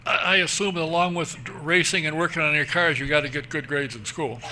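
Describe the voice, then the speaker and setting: Very bright-voiced male radio host. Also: a little high, fairly even intonation, quick pace, a little hiss or hum, rough recording. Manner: short, prompting questions. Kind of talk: radio interview.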